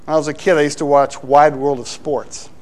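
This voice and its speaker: A man's voice: a little high, flat delivery, fairly quick. A middle-aged man, a pastor, preaching a sermon with playful asides to the congregation.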